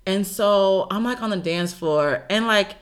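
A woman casually telling a story, animated and laughing often as she acts out what people said. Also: mid-range voice, a little slow. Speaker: storyteller recounting a solo trip. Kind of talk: casual chat.

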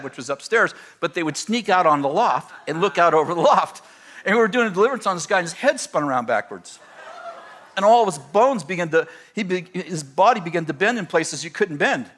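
A middle-aged male pastor preaching a sermon to a live audience, telling lively stories and acting out the voices of the people in them. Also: sits high. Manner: storytelling, animated retelling with voiced quotes.

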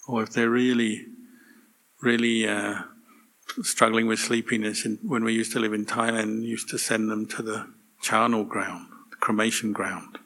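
A man, a monk, giving a relaxed, gently humorous dharma talk to a meditation group. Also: lowish voice, normal speed.

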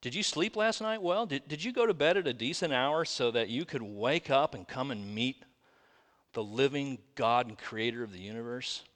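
A man's voice: medium pitch, normal speed, fairly bright tone. A man preaching a sermon as a pastor, firing rhetorical questions at his congregation. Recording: long reverb of a large room.

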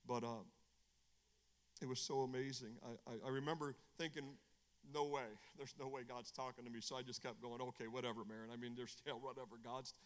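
A middle-aged man, an evangelist, preaching a testimony sermon, animated, swinging from hushed storytelling to shouting. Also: mid-range voice, fairly quick, long reverb tail. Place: church.

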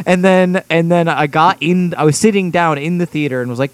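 A man chatting casually on a podcast, rambling and self-mocking, quick to laugh. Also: fairly high pitch, no echo. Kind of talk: casual chat.

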